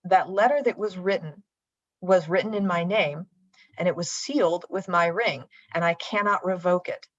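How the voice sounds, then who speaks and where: A woman voicing an indignant ancient king who demands answers in a booming way, on a dull lo-fi livestream. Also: normal speed, natural voice. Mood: explaining.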